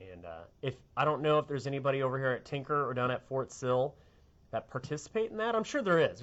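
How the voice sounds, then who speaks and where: A man's voice: medium pitch, highs cut off. A middle-aged man, a TV meteorologist, chatting casually and rambling on air in a sentimental way.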